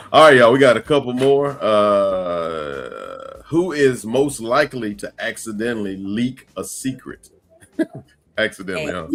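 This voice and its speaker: A man's voice: fairly low pitch, takes it slowly, soft background music. A man hosting a casual livestream podcast, reading viewer comments aloud and laughing often. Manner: laughs often, lively and playful. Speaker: podcast host.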